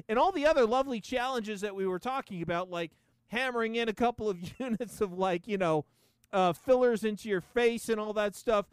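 Casting: male podcast host, high, smooth voice, profane sarcastic rant, dry close sound. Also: no room sound. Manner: profane, sarcastic, laughing often. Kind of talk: casual comedic rant.

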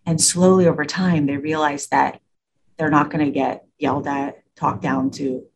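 A woman's voice: low voice, moderate pace, background noise. A woman talking about working with kids and parents in a casual interview, acting out the exchanges she describes. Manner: animated storyteller, acts out quoted exchanges. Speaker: school administrator and parenting educator.

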